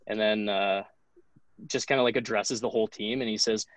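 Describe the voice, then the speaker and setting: A man's voice: lowish voice, steady tone, normal speed, no echo, low-quality recording. A young man in his twenties, a podcast guest telling a story in a loose, profane, casual way, full of "like". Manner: loose, profane, heavy use of "like". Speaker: podcast guest, hockey goalie.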